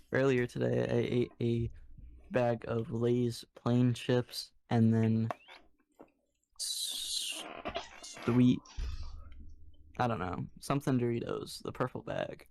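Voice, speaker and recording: A man co-hosting a podcast in casual chat, speaking in a dry, halting, unsure way. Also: medium pitch, fairly even intonation, a little mellow, a little hiss or hum. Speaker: podcast co-host.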